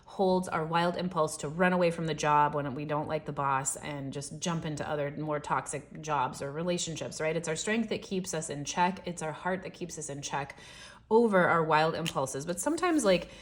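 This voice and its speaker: A woman giving a casual, encouraging daily tarot reading, chatty and gentle, often checking in with "right?". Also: low-pitched, normal speed. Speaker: tarot reader.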